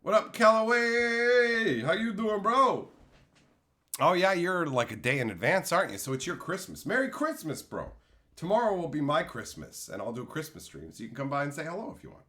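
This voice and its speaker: A man hosting a casual livestream, chatting with viewers in a blunt, animated way, swearing freely and breaking into loud outbursts. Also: a little high, quick pace. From Canada. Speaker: streamer host.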